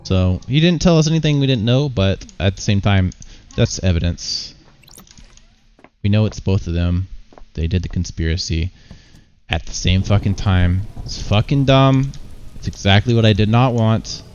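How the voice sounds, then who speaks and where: A man giving casual let's play commentary, blunt and swearing, thinking out loud. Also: on the low side, moderate pace, clear, resonant tone, highs cut off. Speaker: gamer.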